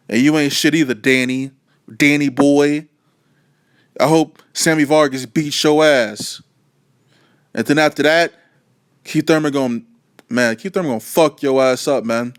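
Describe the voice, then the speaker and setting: A man's voice: fairly high pitch, steady tone, unhurried, long pauses, smooth, dry recording, studio quality. A man ranting heatedly and profanely about boxing, full of emphasis and swearing. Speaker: boxing commentator.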